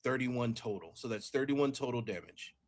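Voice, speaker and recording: A man playing a tabletop game, talking casually and telling stories in an animated way, often laughing. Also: mid-range voice, moderate pace.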